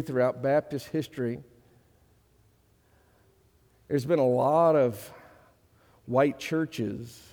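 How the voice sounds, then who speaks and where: Male pastor, middle-aged, earnest conversational sermon, mellow tone, reverberant sanctuary. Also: mid-range voice. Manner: earnest, conversational preaching with rising emphasis. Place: church sanctuary. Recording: long reverb of a church hall.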